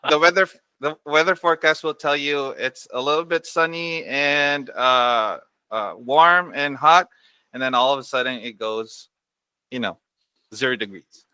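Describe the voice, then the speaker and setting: A man's voice: medium pitch, a little slow, sharp tone, clear, resonant tone, dry recording. A man from the US East Coast, a guest on a radio show, chatting casually with small grammar slips. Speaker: guest vlogger. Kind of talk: casual chat.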